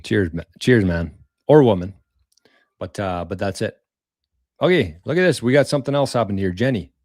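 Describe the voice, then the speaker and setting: A man's voice: fairly low pitch, expressive, normal speed, darkish tone, no room sound, studio quality. A man hosting a casual live stream, thanking viewers for tips in a rambling way, repeating words and using mild slang. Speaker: livestream host reading viewer tips.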